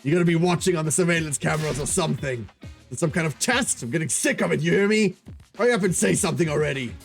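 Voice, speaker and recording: A man reading aloud as a hot-headed young male student who yells loudly at the ceiling. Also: fairly high pitch, animated, fast talker, gravelly, faint music behind. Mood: angry.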